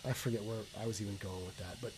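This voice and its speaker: A man's voice: on the low side, steady tone, racing, husky, poor audio. A man co-hosting a casual chat from his basement, telling stories animatedly with casual swearing and lots of restarts. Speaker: co-host. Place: home basement. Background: faint hum of a water softener.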